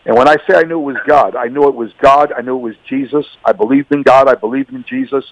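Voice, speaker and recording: A man's voice: mid-range voice, quick pace, no room sound, highs cut off. A man giving an earnest, emphatic faith testimony as a radio guest, repeating himself and stammering through restarts.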